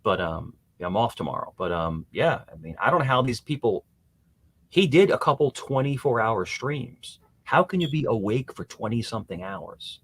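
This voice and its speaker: A man's voice: mid-range voice, big pitch swings, moderate pace, husky. A man chatting casually on a livestream, rambling and laughing as he mimics others. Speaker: streamer.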